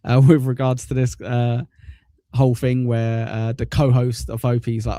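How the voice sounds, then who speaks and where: A man's voice: mid-range voice, completely flat delivery, normal speed, mellow, dry recording. Man, casual podcast co-host, teasing, laughs a lot, dry close mic. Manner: laughs often, teasing and banter-heavy. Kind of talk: casual podcast chat reacting to clips.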